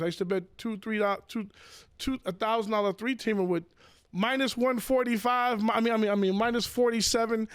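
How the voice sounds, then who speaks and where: A man, a professional sports bettor, telling casual stories with swearing, restarts and loud acted-out quotes. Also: sits high, no room sound, clean studio sound. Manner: animated, repeats words, swears, acts out quotes in raised voice. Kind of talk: casual storytelling.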